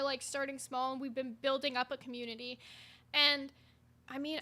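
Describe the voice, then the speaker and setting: A woman co-hosting a live stream, talking casually and often worked up, swearing freely. Her voice is high and very bright. She speaks in quick, heated bursts. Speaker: co-host of a live stream show.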